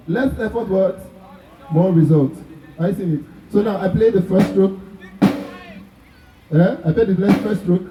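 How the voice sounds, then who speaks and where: A man's voice: sits high, dull audio. A man with a Nigerian accent teaching drum technique to a class, constantly asking if they are following. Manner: asks the class constant check questions. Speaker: drum instructor. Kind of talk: live drum workshop teaching. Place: large echoey room at a festival workshop. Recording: echoey room, from far off.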